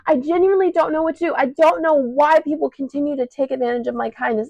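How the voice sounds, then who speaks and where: Teen woman, Chicago accent, slightly high voice, dry close sound; tearful, breathless venting monologue on a shirt mic. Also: dry recording, rough recording. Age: teens. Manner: raw, venting, choked up, swearing. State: short of breath, choked up. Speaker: podcast host. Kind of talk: emotional personal monologue. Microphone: clip-on mic attached to shirt.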